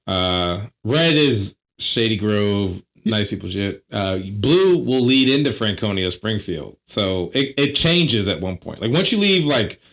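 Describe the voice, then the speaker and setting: A man's voice: lowish voice, big pitch swings, a little slow, few pauses, fairly bright tone. A man co-hosting a comedy podcast, telling everyday stories in a laid-back, casual way. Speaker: podcast co-host.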